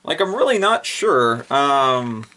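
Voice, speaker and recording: A young man talks through a review with no script, excitable and rambling, trailing into fillers and correcting himself mid-sentence. His voice is bright and forceful, sitting at an ordinary pitch for a man. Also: slow pace. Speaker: product reviewer. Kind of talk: casual unscripted review.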